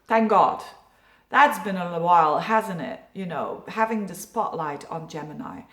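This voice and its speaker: A woman's voice: lowish voice, measured pace, a bit bright, reverberant. A woman from Belgium, an astrologer, giving a yearly horoscope forecast in a chatty, reassuring way with many fillers. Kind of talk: casual horoscope video.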